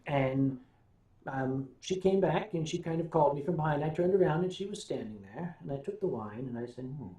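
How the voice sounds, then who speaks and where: An older American man hosting a casual livestream, telling stories and answering viewer comments in a wry, unhurried way. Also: on the high side, animated, dark tone. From United States. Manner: wry, unhurried storytelling with sips and hums. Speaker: livestream host. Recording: roomy sound, voice a bit off-mic.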